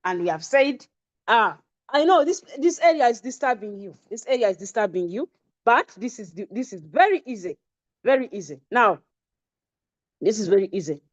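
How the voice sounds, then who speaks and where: A woman's voice: fairly high pitch, big pitch swings, moderate pace, highs cut off. Repetitive Ugandan woman teaching online. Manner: repetitive, drilling key terms; asks the audience questions. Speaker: trading instructor. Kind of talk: live online lesson.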